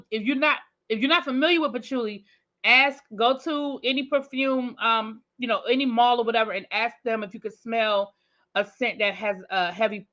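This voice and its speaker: A woman with a fairly high, pushed, bright voice hosts a casual livestream, greeting viewers by name in a chatty, familiar way. The stream audio is lo-fi and slightly dull.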